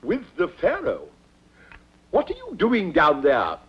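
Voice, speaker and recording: An actor playing a fussy, easily flustered rich Egyptian lord who blusters and hedges. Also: male voice, high voice, wildly swooping pitch, takes it slowly, slightly rough, lo-fi sound, heavily acted.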